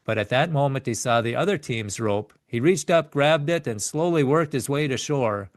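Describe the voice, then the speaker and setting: A man's voice: medium pitch, animated, normal speed, dry recording, studio quality. A man reading a biography chapter aloud in an earnest way, often stumbling and correcting himself mid-sentence. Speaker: narrator reading a book chapter.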